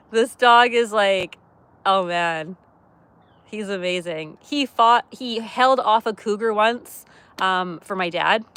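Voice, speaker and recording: A woman hosting a casual livestream from her camper van, chatty and quick to laugh as she talks with viewers. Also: medium pitch, fairly bright tone, clean tone. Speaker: livestream host. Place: camper van by a wood stove.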